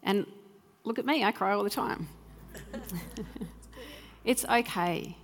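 A woman's voice: mid-range voice, slow pace. Heartfelt woman preaching in a reverberant hall. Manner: earnest, heartfelt, acts out remembered dialogue. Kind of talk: sermon. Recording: reverberant hall with soft music.

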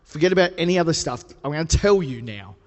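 A man delivering a sermon with a fairly high voice that carries a long reverb tail through the hall. He keeps it conversational and playful, then pushes up into emphatic peaks. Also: lively intonation, fast, lo-fi sound. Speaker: preacher.

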